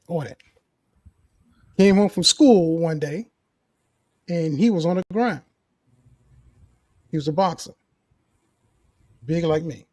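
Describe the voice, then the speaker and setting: Earnest high-voiced man telling a story. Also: darkish tone, no room sound, clean studio sound. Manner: earnest, emphatic, repeats key phrases. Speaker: co-host sharing a personal story. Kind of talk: casual conversation, storytelling.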